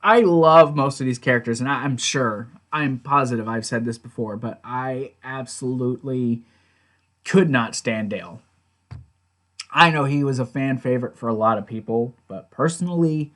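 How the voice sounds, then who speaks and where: A man's voice: medium pitch, a bit bright. A man giving a casual recap of a TV episode, chatty and blunt, retelling scenes by quoting the characters and swearing now and then. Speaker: TV show reviewer.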